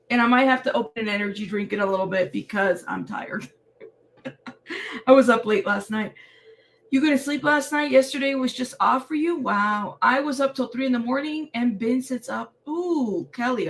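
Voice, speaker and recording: Tired chatty woman with a gravelly voice. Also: sits high, lively intonation, moderate pace, a bit bright. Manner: chatty, greets viewers by name. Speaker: livestream host. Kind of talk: casual live chat greeting viewers.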